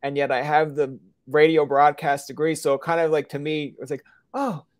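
A man's voice: on the high side, little pitch movement, a little fast, no room sound, clean studio sound. A man hosting a podcast interview, talking casually and rambling, with frequent stammers and restarts. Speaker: podcast host.

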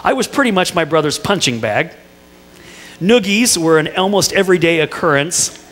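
A man's voice: fairly high pitch, lively intonation, normal speed, a bit bright, big-room sound. A middle-aged male pastor preaching a sermon, telling family stories with playful asides to the congregation. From Indiana. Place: church sanctuary.

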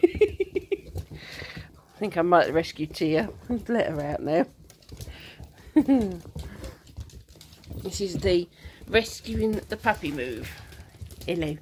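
Lively cooing woman talking to puppies. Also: medium pitch, extremely slow, pauses often, slight background noise. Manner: cooing, sing-song baby talk to puppies. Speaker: dog breeder filming her puppies. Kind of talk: casual chat to dogs while filming. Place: indoor living room at home. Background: puppies playing.

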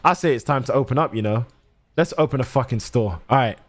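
A young man gives casual, excitable game commentary, swearing often and talking to his chat. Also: mid-range voice, fairly quick. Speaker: gaming streamer.

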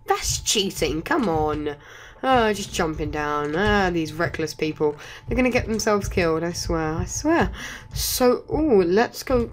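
Excitable chatty woman playing a game. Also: unhurried, a little hiss or hum. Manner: excitable, chatty, rambling, often jumps to high squeals. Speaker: gaming YouTuber. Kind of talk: casual gameplay commentary.

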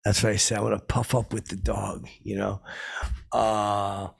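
A man telling a rambling, halting story in a deadpan way, full of fillers and sound effects, as a boastful hanger-on. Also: on the low side. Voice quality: gravelly, husky. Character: dim, boastful washed-up male hanger-on telling tall tales. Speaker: comedy podcast host in character.

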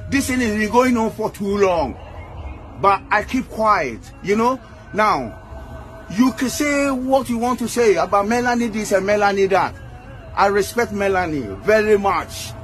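Man, high-pitched, insistent, repetitive, faint music behind. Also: lively intonation, measured pace. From Ghana. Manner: insistent, repetitive, ends lines with "okay?". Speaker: man claiming to be a footballer's father. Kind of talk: filmed public statement.

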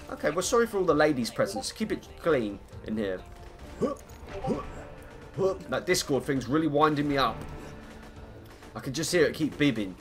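Young guy streaming a game, rambly and self-deprecating, slightly high voice, bit of music under him. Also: animated, normal speed. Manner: chatty, rambling, self-mocking, greets viewers by name. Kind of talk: casual live-stream gaming chat.

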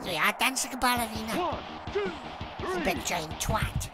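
A woman with a British accent commentating as she plays a video game, swearing constantly and shouting insults at her opponent. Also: a little high, animated, measured pace. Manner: foul-mouthed, shouting insults at the screen. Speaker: gamer. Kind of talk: let's play commentary. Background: game music.

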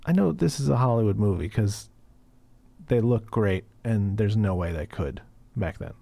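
A man's voice: on the low side, moderate pace, creaky, dark tone, dry recording. A man co-hosting a comedy podcast, laid-back and a little hesitant, often repeating his words. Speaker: podcast co-host. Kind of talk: casual comedic chat.

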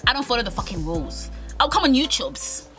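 Young British woman, brash storytime vlogger, high lively voice over background music. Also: brisk. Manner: brash, profane, dramatic storytelling. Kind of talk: storytime vlog rant. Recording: music playing under the voice.

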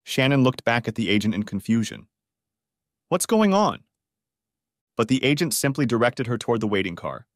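A man narrating a story audiobook in an even, measured reading. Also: mid-range voice, no echo, studio quality. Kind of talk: scripted narration.

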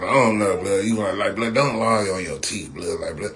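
A man's voice: fairly low pitch, moderate pace, fairly bright tone, a little hiss or hum. A man from Compton, hosting a casual livestream and trash-talking in a rambling, repetitive way. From Compton, California. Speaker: livestream host.

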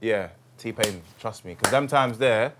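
A man's voice: lowish voice, a little slow, noisy background. Slangy young man telling stories. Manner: storytelling, slangy, excitable. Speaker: comedy show co-host. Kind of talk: casual banter.

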